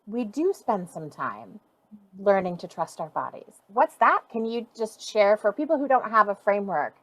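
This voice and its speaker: Lively woman host with a dry close sound. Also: mid-range voice, normal speed, dry recording, low-quality recording. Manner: animated, thinks aloud, restarts sentences. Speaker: podcast host. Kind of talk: conversational interview.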